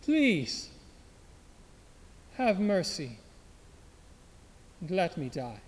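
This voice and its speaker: A man's voice: high voice, very animated, extremely slow, full character voice. A man voicing a desperate wounded young woman in wartime, speaking in a pleading, broken way. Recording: long hall reverb.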